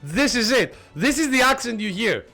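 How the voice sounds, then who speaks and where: Animated man streaming a game. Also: very high-pitched, faint music behind. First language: not English. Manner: excitable, chatty, quick to laugh and swear. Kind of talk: live gameplay commentary.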